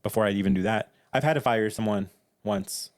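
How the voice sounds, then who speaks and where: A young man co-hosting a podcast, talking casually with dry, deadpan teasing. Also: lowish voice, brisk, gravelly, slight background noise. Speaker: podcast co-host. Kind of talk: casual chat.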